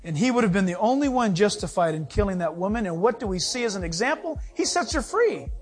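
A middle-aged male pastor preaching a sermon, animated, acting out little scenes with laughter. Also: sits high, quick pace, soft background music. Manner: animated, acts out voices with laughter.

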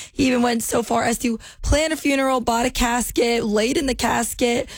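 A woman co-hosting a radio show with a hoarse, raspy voice from a sore throat, reading news items with halting fillers. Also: on the high side, dry recording. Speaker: radio co-host. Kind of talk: casual morning show banter.

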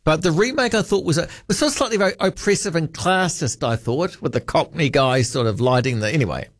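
A New man hosting a late-night talkback show, wandering from thought to thought with a wry, offhand manner. His voice sits a little high for a man and sounds close and dry, with no room around it. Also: lively intonation, brisk, dry recording. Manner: rambling, wry, reads listener texts aloud. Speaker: radio host. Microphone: studio microphone.

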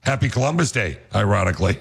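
A man's voice: fairly low pitch, sing-song, quick pace, vocal fry. A man hosting a radio show in a studio, bantering casually and teasing his co-host. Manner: teasing, joking.

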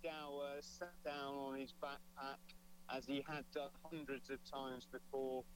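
A man's voice: mid-range voice, flat delivery, measured pace, rough recording. Emphatic man with a faint hum behind. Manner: emphatic, enthusiastic. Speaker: interviewee, climber. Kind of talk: recorded interview.

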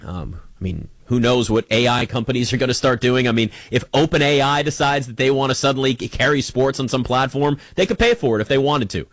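Male sports talk host, mid pitch, dry close sound, conversational and emphatic monologue. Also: brisk, hardly any pauses, no room sound. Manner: conversational, emphatic, animated, addresses listener directly. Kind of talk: casual opinion monologue.

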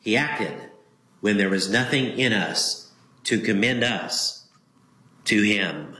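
A male Lutheran pastor delivers a sermon at an unhurried, deliberate pace. His voice is bright and forceful, and he repeats key phrases for emphasis. The recording carries a roomy echo. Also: lowish voice, animated, a little hiss or hum.

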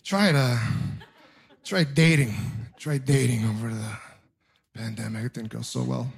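A man performing a stand-up comedy set on stage, telling stories conversationally and building into excited rants. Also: mid-range voice, a little slow, creaky. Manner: conversational storytelling with audience laughter.

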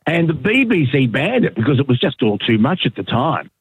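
Over a tinny, dry phone line with no room sound, a middle-aged Australian guest who works in radio and podcasting tells stories fairly quickly. His mid-range voice swings widely in pitch and has a breathy edge, and he keeps stumbling into fillers and restarts.

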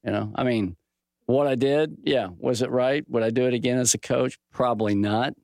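A middle-aged man teaching from the Bible in a relaxed, folksy way, mixing scripture with a personal sports story and lively quoted dialogue. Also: medium pitch, normal speed, gravelly, no echo, clean studio sound. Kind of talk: conversational Bible teaching with stories.

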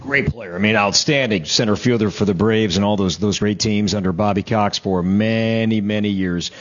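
A man's voice: on the low side, normal speed. Man hosting a friendly interview. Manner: friendly, steady prompting questions. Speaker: interview host. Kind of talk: broadcast interview. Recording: slightly dull, muffled audio.

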